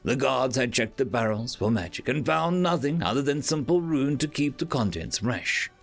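A man's voice: mid-range voice, moderate pace, gravelly, faint music behind. A man narrating sci-fi and fantasy short stories as a podcast reader. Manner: expressive reading. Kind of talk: audiobook story narration.

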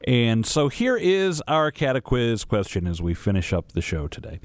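A man's voice: medium pitch, big pitch swings, normal speed, hardly any pauses, no room sound. A man hosting a radio show from a studio, friendly and sincere. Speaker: radio host.

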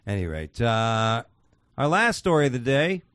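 A man's voice: mid-range voice, big pitch swings, moderate pace, fairly bright tone, clean tone, dry recording, clean studio sound. A man hosting a podcast, chatting casually and reading out odd news stories in a crude, swearing, laughing way. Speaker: podcast host.

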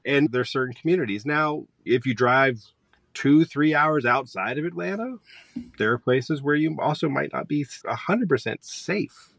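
A man in his thirties, a high school teacher, guest on a podcast, talking casually and opinionated, drifting onto tangents. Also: animated, moderate pace, creaky, fairly bright tone, dry recording. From Georgia, US. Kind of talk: casual conversation.

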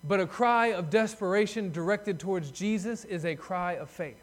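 An earnest male pastor preaching a sermon with a high-pitched voice. He swells loud and high when he voices a desperate plea, then sinks soft and low to reflect. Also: normal speed.

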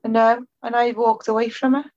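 A woman's voice: a little high, level tone, brisk, darkish tone, no echo, soft background music. A woman co-hosting a podcast over a remote call, cheeky and blunt, laughing often. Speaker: podcast co-host. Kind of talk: casual chat. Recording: dull remote call audio.

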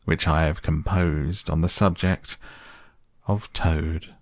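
A man voicing a pompous male chief weasel who speechifies in a high, squeaky voice. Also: fairly even intonation, dry recording, studio quality. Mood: sing-song. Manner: oratorical, self-satisfied, drawn-out phrasing.

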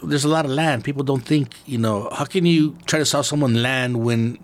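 A middle-aged man from East Los Angeles, hosting a casual podcast talk, laid-back and swearing freely as he thinks out loud. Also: medium pitch, moderate pace. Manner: laid-back and profane, muses aloud. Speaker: podcast host.

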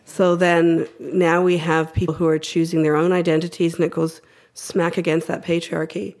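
A woman's voice: on the low side, level tone, normal speed, a little mellow. A woman in a casual group discussion, laying out long reflective arguments. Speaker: panelist.

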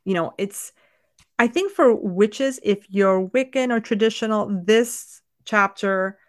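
A woman's voice: medium pitch, slow, dry recording, studio quality. A woman co-hosting a podcast, chatting casually and emphatically about a book. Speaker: podcast co-host.

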